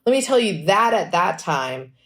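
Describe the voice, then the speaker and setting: A woman musician telling stories in a casual podcast interview, lively and chatty, acting out what people said. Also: on the low side. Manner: animated storytelling, acts out quotes; fast and chatty, frequent "like". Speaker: musician guest.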